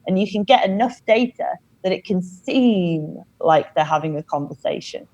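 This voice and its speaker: Woman, podcast guest, slightly low voice, measured, explanatory. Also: animated, a little mellow, dull audio. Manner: explanatory, measured, lots of "you know". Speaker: company founder, podcast guest. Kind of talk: casual interview talk.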